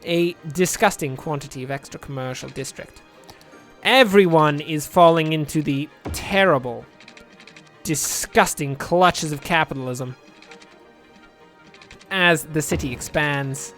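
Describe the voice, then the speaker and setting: A man's voice: fairly high pitch, a little slow, a bit bright, soft background music. A man giving casual, rambling commentary over a city-building game, joking dryly at his own expense. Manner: dry, rambling, self-mocking humor. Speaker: let's play commentator.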